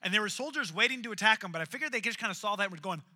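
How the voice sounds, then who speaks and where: A man preaching a sermon, retelling a story in an animated, jokey way. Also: high-pitched, rapid-fire.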